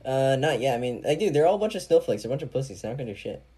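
A young man hosts a live call-in chat in a loose, slangy, crude way. He keeps his voice at an ordinary middle pitch and talks casually. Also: very animated, racing, mellow, husky. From Southern California. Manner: laid-back, crude, slangy, many "like" and "dude". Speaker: livestream host answering callers.

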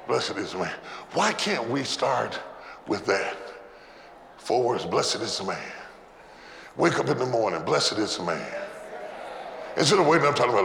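A man delivering a sermon as a pastor, shouting refrains and calling on the congregation to repeat after him. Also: medium pitch, very animated, moderate pace, vocal fry, long pauses. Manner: preaching with shouted refrains and call-and-response. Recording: echoey hall with background noise.

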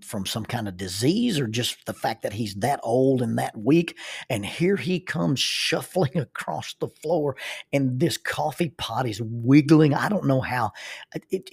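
A man's voice: mid-range voice, slightly rough. A middle-aged man, a preacher, telling a funny personal story in a self-deprecating, chuckling way.

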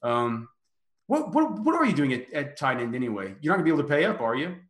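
A man hosting a casual sports podcast, talking in a halting way with many restarts. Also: on the high side, very animated, reverberant. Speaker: podcast host.

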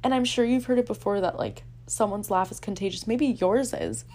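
A woman's voice: mid-range voice, fairly quick, a little mellow. A young woman hosting her own podcast, talking casually and chattily, with lots of fillers and self-deprecating asides. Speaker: podcast host. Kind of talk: casual solo podcast talk.

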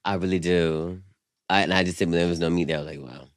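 A man's voice: deep voice, quick pace, clean tone, dry recording, studio quality. A young man co-hosting a podcast, telling stories in casual chat, acting out quotes and laughing often. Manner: animated storytelling with acted quotes and big laughs. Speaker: podcast co-host.

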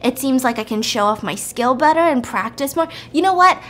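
A woman voicing a young man who fakes blindness and brushes off help softly. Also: high voice, expressive, fairly quick, slight background noise. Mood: dismissive, eager. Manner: soft, brushing things off. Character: young male piano teacher faking blindness.

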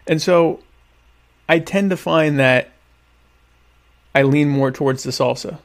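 A man chatting casually to viewers while eating dinner, rambling and joking with deadpan irony about being a quiet type. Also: fairly high pitch, slow pace. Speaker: vlogger answering viewer questions. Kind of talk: casual comedic chat.

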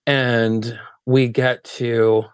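A man co-hosting a comedy podcast, telling an improvised story and slipping into quick put-on voices, on a close studio mic. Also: medium pitch, flat delivery, clean tone, dry recording. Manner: narrates scenes, jumps in and out of put-on voices. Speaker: podcast co-host.

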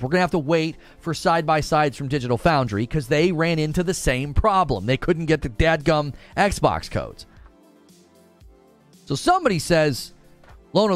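A man hosting a casual livestream, reading chat and acting out his own reactions in lively commentary. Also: on the high side. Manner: animated, acts out his own past thoughts. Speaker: livestream host.

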